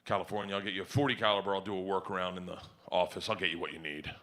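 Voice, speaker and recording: A male comedian voicing a laid-back gun dealer in a low, calm, matter-of-fact tone. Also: rapid-fire.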